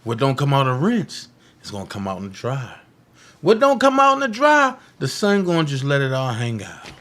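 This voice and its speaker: A political livestream host, this man taunts his critics in a heated, defiant monologue, repeating phrases for emphasis and moving from loud outbursts to hushed asides. His mid-range voice swoops wildly in pitch, and he talks fairly quickly.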